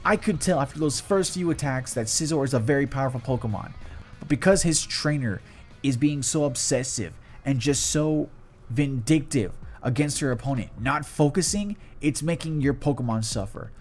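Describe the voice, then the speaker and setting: A man playing Ash, a calm earnest young hero. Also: mid-range voice, normal speed, soft background music, natural voice. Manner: commanding shouts, then steady lecturing.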